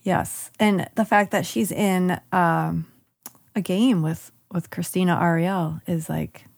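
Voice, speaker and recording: A woman co-hosting a podcast, joking around with quick playful asides. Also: fairly low pitch, steady tone, creaky, a little mellow, dry recording. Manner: playful, quick jokey interjections. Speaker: podcast co-host. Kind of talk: casual podcast chat.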